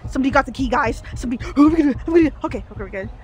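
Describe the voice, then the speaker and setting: Jumpy excitable young woman streamer. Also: sits high, rapid-fire, faint music behind. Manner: jumpy, excitable, frequent laughs and gasps, pleading. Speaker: livestreamer. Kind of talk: live gameplay commentary to chat.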